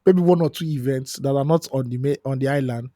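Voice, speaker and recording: A man's voice: medium pitch, brisk, warm tone, no echo, studio quality. A Nigerian man co-hosting a podcast in casual chat, joking and slipping into Pidgin. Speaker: podcast co-host.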